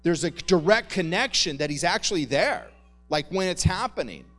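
A pastor giving a relaxed, conversational sermon, joking and calling his listeners "guys.". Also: high voice, moderate pace, soft background music. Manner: conversational, jokey, addresses the congregation as "guys". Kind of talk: casual sermon.

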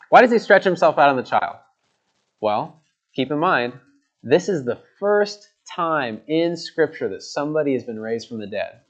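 A man's voice: fairly high pitch, lively intonation, unhurried, lo-fi sound. A man preaching a sermon, earnest, repeating words for emphasis as he reads and explains scripture.

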